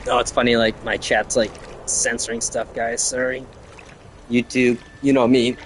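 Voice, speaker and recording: This game streamer gives casual commentary, wandering from topic to topic as he chats with viewers mid-play. He speaks at normal speed in a mid-range voice, with a slight hiss or hum on the audio.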